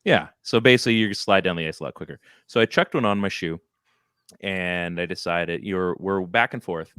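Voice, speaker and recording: Man, podcast co-host, low register, dead-dry close mic, animated rambling storyteller. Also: normal speed, smooth, no room sound. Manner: animated, rambling anecdote with self-deprecating laughs. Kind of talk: casual storytelling chat. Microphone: close studio microphone.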